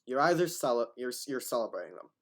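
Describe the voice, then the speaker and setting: A man's voice: medium pitch, sing-song, fast. Rambling man arguing in commentary. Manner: rambling, repeats and restarts words, argumentative. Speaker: commentator reacting to a video.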